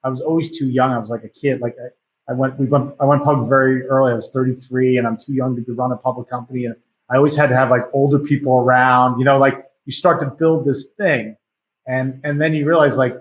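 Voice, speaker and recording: A man's voice: mid-range voice, steady tone, a little fast, poor audio. A man hosting an interview. He asks probing questions in a casual way with many filler words. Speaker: interview host. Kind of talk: conversational interview.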